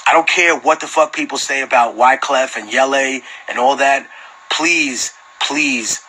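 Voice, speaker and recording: A man's voice: mid-range voice, unhurried, slight background noise, poor audio. A man answering fans on a phone livestream in casual talk. He tells profane stories with lots of energy and laughs often. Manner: animated, profane storyteller who laughs often. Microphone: phone camera.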